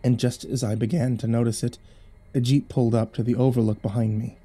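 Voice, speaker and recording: A man reading a first-person horror story aloud, measured with dramatic swells. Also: medium pitch, level tone, dark tone, slightly rough.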